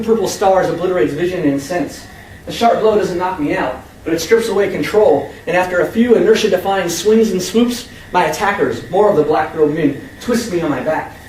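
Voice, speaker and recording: A young man from the United States reads his own first-person story to an audience at a public reading. His voice sits high and his delivery is emphatic and expressive. The sound is echoey and distant, with a faint hum underneath. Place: convention room with an audience. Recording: echoey room, far from the mic, faint hum.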